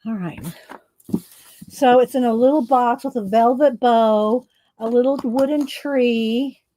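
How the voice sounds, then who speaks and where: A woman's voice: on the high side, takes it slowly, mellow, a little hiss or hum. A woman chatting casually on a livestream, short of breath and exclaiming as she reads viewer comments. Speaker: livestream host.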